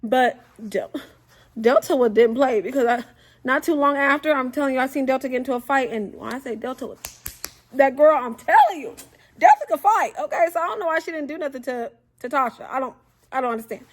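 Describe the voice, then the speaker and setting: A young woman tells a story to camera in a casual, animated way. Her voice sits high, and she keeps slipping into the voices of the people in her story. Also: brisk. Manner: animated, acts out quotes, frequent fillers.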